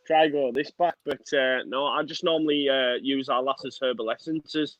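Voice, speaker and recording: A man's voice: mid-range voice, fairly even intonation, measured pace, fairly bright tone, no room sound, rough recording. A young man co-hosting a football fan show in easygoing, matey chat, laughing often. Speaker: co-host of a football fan channel. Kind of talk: casual chat.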